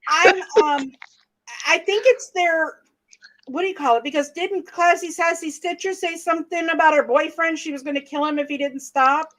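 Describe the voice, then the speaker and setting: A woman's voice: very high voice, normal speed, fairly bright tone. A woman co-hosting a casual livestream, chatting and reading out viewer comments.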